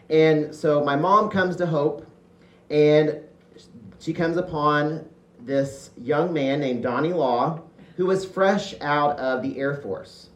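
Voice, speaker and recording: Man telling a comic story on stage. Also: fairly high pitch. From Indiana. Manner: conversational, pausing, with fillers. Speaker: storyteller in a one-man show. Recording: echoey room with faint music.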